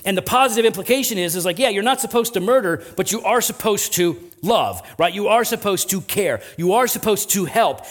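A man's voice: high voice, lively intonation, a little fast, hardly any pauses. A male pastor preaching a conversational sermon, often tossing in "right?" asides and building to emphatic swells.

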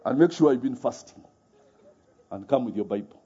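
A man's voice: medium pitch, expressive, normal speed, warm tone, husky, voice pushed down. A man voicing a stern, moralizing talking snake in a sermon story. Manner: scolding, lists demands. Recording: muffled recording with faint music.

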